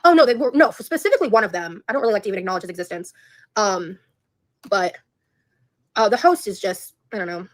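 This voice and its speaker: A woman talks to her stream in a loose, rambling way. She is blunt and swears freely. Her voice sits at a middling pitch for a woman. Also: animated, fast talker, pauses often. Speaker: livestreamer. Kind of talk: casual livestream chat.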